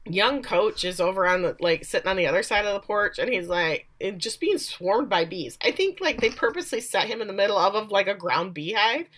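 A woman's voice: medium pitch, expressive, brisk, hardly any pauses, a bit bright. A woman casually recapping a TV episode, acting out characters with big vocal swings. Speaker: podcast co-host.

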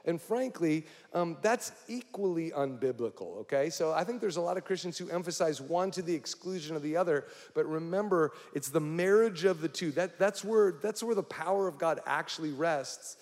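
A man's voice: on the high side, normal speed, hardly any pauses, darkish tone. A male pastor preaching a sermon, speaking directly to the congregation with frequent questions. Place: church hall. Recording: long hall reverb.

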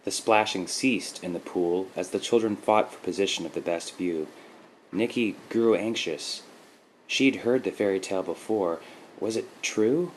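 Deep voice guy reading a story, even and steady, faint hiss in the background. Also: unhurried, low-quality recording. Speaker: podcast host and story reader. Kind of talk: scripted story narration.

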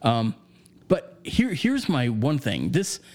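A man's voice: medium pitch, wildly swooping pitch, slow, darkish tone. A man co-hosting a podcast, chatting loosely about a film with a lot of swearing and filler words. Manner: rambling and profane, with lots of fillers. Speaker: podcast co-host reviewing a film. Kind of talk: casual chat.

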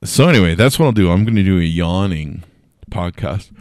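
Deep-voiced tired podcast man. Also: sing-song, normal speed, darkish tone, no echo, studio quality. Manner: rambling, jokey and swearing. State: tired and yawning. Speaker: podcast host. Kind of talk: casual solo news podcast.

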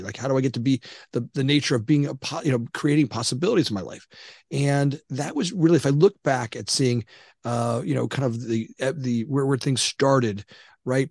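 A man in his fifties talks as an interview guest, wandering through his story with frequent restarts and fillers. His voice sits at an ordinary middle pitch, and the recording is close and dry. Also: a little mellow, no room sound. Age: 50s. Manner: rambling, many restarts and "you know"s. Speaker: guest entrepreneur.

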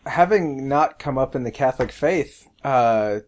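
A man's voice: mid-range voice, lively intonation, unhurried, darkish tone. Easygoing man hosting a casual chat. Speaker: host.

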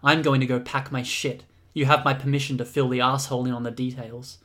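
A man's voice: medium pitch, level tone, fairly quick, fairly bright tone, close to an everyday voice. A man reading aloud and voicing a cocky, hostile young man in a storybook reading. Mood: sneering.

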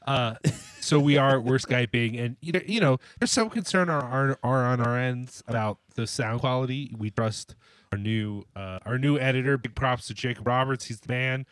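A man co-hosts a casual podcast from home, speaking into a desk mic over a remote call. He rambles and jokes, restarting sentences as he goes. His voice sits at a middle pitch with a dry sound and little room echo. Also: normal speed, a bit bright, smooth. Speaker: podcast co-host. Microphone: desk mic on a stand.

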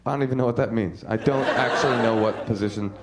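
A man doing stand-up crowd work on a comedy club stage, brash and laughing at his own jokes, throwing in lively voices for the people he quotes. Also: medium pitch, fast, very noisy.

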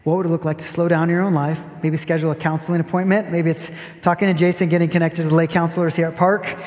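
A man preaching a sermon as a pastor, earnest and reflective, repeating key phrases with gentle emphasis. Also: fairly high pitch, level tone, fast. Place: church sanctuary. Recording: long hall reverb with soft music behind.

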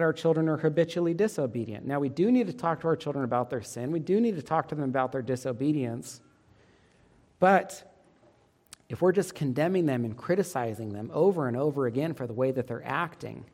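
A man's voice: on the high side, darkish tone. A man preaching a sermon as a pastor, earnest and emphatic. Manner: earnest, emphatic preaching with quoted parent voices.

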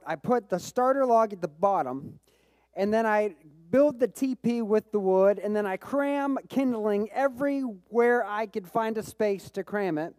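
A man preaching a sermon as pastor, telling a personal story with bursts of excitement and frequent repeated words. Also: high voice, no room sound. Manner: repeats words when restarting phrases.

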